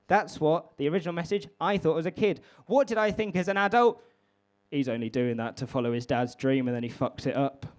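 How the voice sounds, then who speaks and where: A man's voice: fairly high pitch, a little fast. A man doing stand-up, chatty and rambling, swearing often. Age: 20s. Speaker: stand-up comedian. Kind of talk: stand-up comedy with crowd work. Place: comedy club stage before a live audience.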